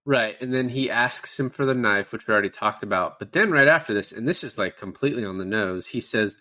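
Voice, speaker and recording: A man's voice: lowish voice, brisk, few pauses, pushed and bright. A man co-hosting a film podcast, retelling scenes in a loose, profane, chatty way. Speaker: podcast co-host. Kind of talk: casual film-review chat.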